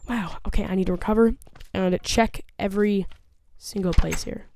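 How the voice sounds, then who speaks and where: A woman with a mellow, mid-range voice hosts a gaming video, narrating her own let's play at a moderate pace with fairly even intonation. She sounds jumpy and nervous, chattering to herself and to the monsters on screen. There's a faint hiss or hum in the recording.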